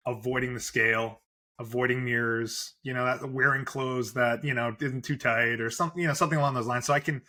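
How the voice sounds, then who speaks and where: A man's voice: medium pitch, pushed and bright. A man hosting a podcast, asking questions and responding supportively in casual conversation. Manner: supportive, frequent backchannel. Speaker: podcast host. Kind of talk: casual interview chat.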